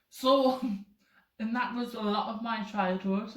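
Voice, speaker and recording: A woman's voice: on the high side, steady tone, slow pace. A young woman talking casually to camera, rambling with lots of fillers. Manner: rambling, filler-heavy, chatty. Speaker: vlogger. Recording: roomy echoey room.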